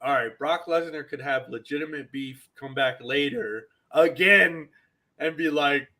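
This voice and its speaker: A man's voice: on the high side, measured pace, sharp tone. A man co-hosting a wrestling podcast, talking in an emphatic, ranting way and repeating himself to make his point. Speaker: podcast co-host. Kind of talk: casual wrestling chat.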